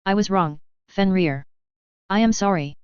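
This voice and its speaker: A woman voicing an old, patient headmaster wizard who speaks in a calm, formal, measured way, in an audiobook reading. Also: mid-range voice, clean tone, no room sound, lightly acted. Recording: dull dry lo-fi audio.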